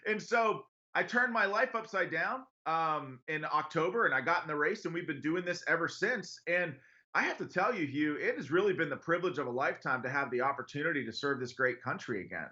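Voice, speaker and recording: Bright-voiced man on a dull line. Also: a little high, lively intonation. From western Pennsylvania. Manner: earnest, brisk, laughs easily while telling stories. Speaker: congressional candidate, guest. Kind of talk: radio interview, conversational storytelling.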